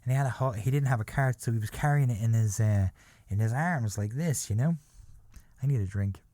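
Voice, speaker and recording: A man's voice: mid-range voice, brisk, warm tone, no echo. Brief: casual male podcaster, rambling and sweary, dry close mic. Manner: rambling, profane, self-deprecating. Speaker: podcast host. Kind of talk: casual storytelling. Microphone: podcast microphone.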